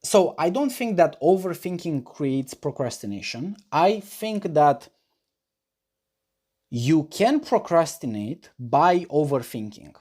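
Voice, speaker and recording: Mellow-voiced man coaching thoughtfully. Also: fairly high pitch, big pitch swings, takes it slowly. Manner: thoughtful, rephrases himself mid-sentence; explains through personal examples. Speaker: life coach. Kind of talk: answering audience questions in a monologue.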